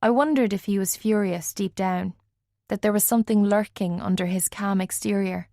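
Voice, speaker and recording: A woman narrates a first-person audiobook in a measured, even manner. Her voice sits at a middle pitch, and the recording is dry and close, with no room sound. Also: dry recording. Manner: measured, voices characters lightly.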